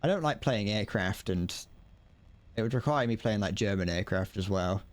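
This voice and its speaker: A man's voice: fairly low pitch, lively intonation, moderate pace. A young man chatting casually to his viewers while playing, swearing and laughing as he goes. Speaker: streamer. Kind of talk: casual gameplay commentary.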